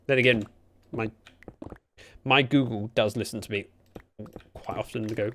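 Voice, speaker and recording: A man's voice: fairly low pitch, steady tone, normal speed, long pauses, a bit bright, slight background noise. A man chatting casually on a game livestream at home, rambling and reacting to his viewers. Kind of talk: casual gaming livestream chat. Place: room at home by a window.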